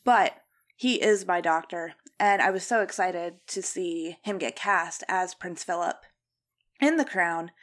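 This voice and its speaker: A woman's voice: on the low side, unhurried, a bit bright. A young woman co-hosting a podcast, chatting enthusiastically about films. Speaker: podcast co-host. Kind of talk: casual film discussion.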